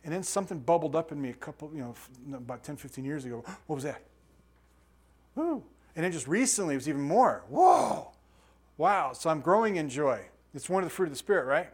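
A middle-aged man leads a bible study as pastor, his voice sitting a little high for a man. He teaches in an easygoing, conversational way, cracking small jokes and tossing questions to the small group in the room. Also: lively intonation, very fast, few pauses, husky. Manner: conversational, jokey, asks the audience questions.

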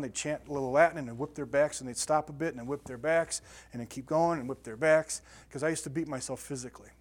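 Man preaching a conversational sermon. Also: fairly high pitch. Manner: conversational, repeats words and restarts, builds to emphatic scripture reading. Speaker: pastor.

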